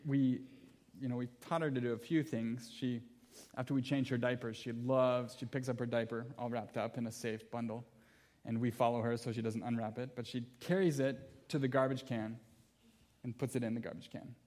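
A man delivering a sermon with earnest emphasis, leaning on repeated key phrases. He shifts easily into personal anecdotes with gentle humor, speaking at a middling pitch. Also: fairly even intonation, normal speed. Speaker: pastor.

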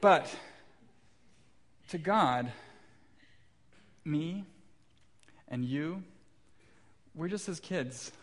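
A man's voice: a little high, expressive, drawn-out words, pauses often, a little hiss or hum. A man in his thirties, a pastor preaching a sermon in a church, telling stories about his young kids with light self-deprecating humor. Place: church sanctuary.

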